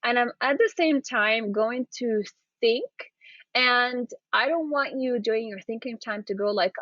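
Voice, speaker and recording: A woman's voice: fairly high pitch, unhurried, no room sound, muffled recording. A woman coaching viewers on interview manners, often checking in with "okay?" and "right?" as she demonstrates. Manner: encouraging, repeats "okay?" and "right?". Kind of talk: demonstrating to camera.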